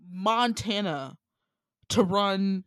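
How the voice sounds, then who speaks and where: Animated, swearing woman podcast co-host. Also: medium pitch, drawn-out words, a crowd in the background. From United States. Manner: animated, swears freely, laughs often. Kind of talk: casual chat.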